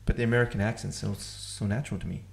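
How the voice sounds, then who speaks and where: A man's voice: lowish voice, fairly even intonation, vocal fry. A man hosting a casual podcast chat, rambling, restarting often and running his words together. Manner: rambling, restarts often, fast and slurred by his own account. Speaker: podcast host. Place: room at home. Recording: echoey room.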